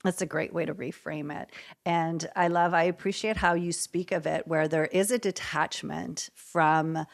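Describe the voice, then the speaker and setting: Woman, podcast host, lowish voice, vocal fry, affirming, asks questions. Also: steady tone, measured pace. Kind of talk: casual podcast conversation.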